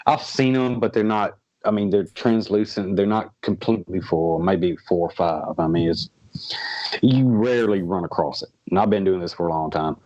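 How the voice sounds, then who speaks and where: Halting man on a lo-fi call. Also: deep voice, dark tone. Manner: rambling, halting with many restarts. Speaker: paranormal investigator guest. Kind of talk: casual interview storytelling.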